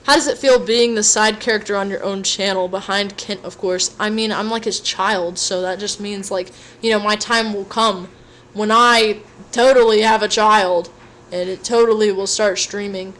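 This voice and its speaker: A woman's voice: mid-range voice, steady tone, normal speed, a bit bright. A young woman casually chatting to her livestream audience while cooking at home, goofy and rambling, swearing now and then. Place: home kitchen. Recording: echoey room, mic at a distance, background noise.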